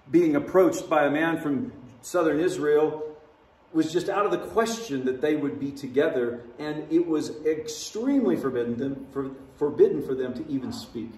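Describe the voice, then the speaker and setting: Preaching in a conversational manner, a pastor brings quotes to life with dramatic delivery. His voice is a little high and a little mellow, at a moderate pace, recorded from far off in the echoing hall of a large church sanctuary.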